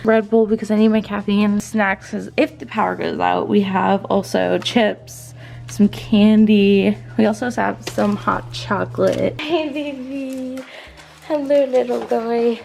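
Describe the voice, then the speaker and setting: A woman's voice: medium pitch, little pitch movement, measured pace, gravelly, darkish tone, poor audio. A young woman from Louisiana, chatting in a bubbly, giggly way to her vlog camera at home. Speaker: vlogger. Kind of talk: casual vlog chat.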